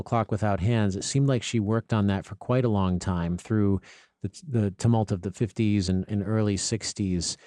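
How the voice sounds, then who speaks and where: Male interview host, low and warm-toned, relaxed and inquisitive. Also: no echo, studio quality. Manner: curious, casual, fillers. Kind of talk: conversational interview.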